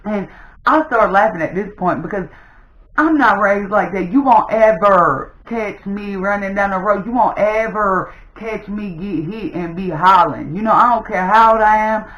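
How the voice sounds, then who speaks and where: A young adult woman, a mother, casually telling a personal story to her viewers in an animated way. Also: medium pitch, normal speed, roomy sound, lo-fi sound. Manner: animated, addresses viewers as "y'all". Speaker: storytime vlogger.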